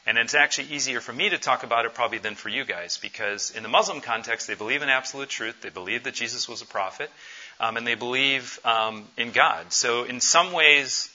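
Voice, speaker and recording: A man in his forties gives an earnest, conversational conference talk, pausing on fillers as he goes. His voice has a bright, forceful edge. The recording sounds dull and lo-fi. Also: medium pitch. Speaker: missions conference speaker.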